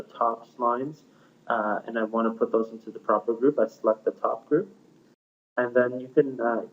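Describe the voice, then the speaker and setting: A man presenting a step-by-step software screencast tutorial, explaining plainly with frequent fillers. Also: mid-range voice. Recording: tinny phone-like audio.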